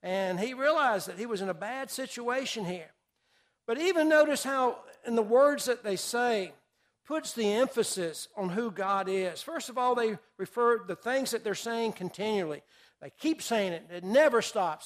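A man leads a Bible class in a high-pitched voice. He talks emphatically, repeating key words for weight. He keeps asking his listeners questions and echoing back what they answer. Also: normal speed. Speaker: Bible teacher. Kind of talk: interactive Bible study lesson.

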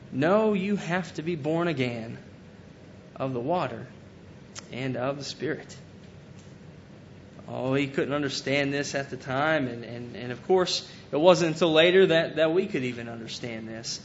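A man preaching a sermon, earnestly retelling scripture and paraphrasing it in casual everyday speech. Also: measured pace. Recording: dull lo-fi recording with faint rumble.

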